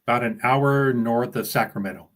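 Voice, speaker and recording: Easygoing man, halting speech. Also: mid-range voice. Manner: relaxed, halting, with many fillers. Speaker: guest. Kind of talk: casual conversation.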